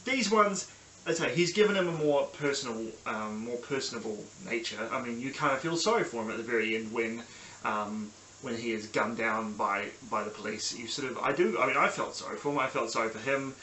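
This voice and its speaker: A man's voice: mid-range voice, fairly quick, bright, forceful tone. Chatty New Zealand man in an echoey room. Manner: rambling, enthusiastic, many ums and restarts. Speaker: podcast host. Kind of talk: casual solo review vlog. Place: small sunny room at home. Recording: echoey room with faint background hiss.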